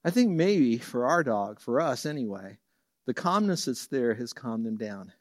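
Unhurried and recorded dry with clean studio sound, a man preaches a sermon as a Bible teacher. He tells homely stories with lively energy, going high and loud for the voices he quotes and quiet and low for the reverent verses.

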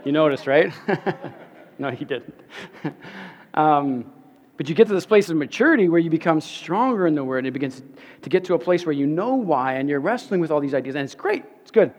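A man, a pastor, giving an earnest, conversational sermon, often dropping to soft, quiet stretches and repeating words. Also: a little high, animated, a little fast.

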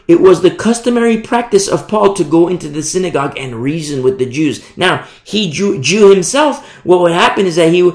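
A preacher delivering an animated Bible-study sermon, often breaking off to ask the listeners "You see?". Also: medium pitch. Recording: echoey room.

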